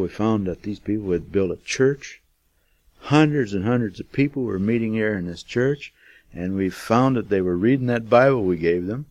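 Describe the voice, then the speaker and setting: A man's voice: lowish voice, a little mellow, dry recording. An older man, a missionary, telling a testimony in a folksy, rambling way with many fillers. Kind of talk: casual storytelling testimony.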